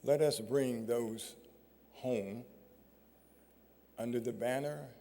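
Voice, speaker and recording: A man giving a storytelling speech at an awards ceremony, measured and full of dramatic pauses, on a stage microphone. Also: mid-range voice, mellow. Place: large performing arts hall. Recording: long reverb of a large hall.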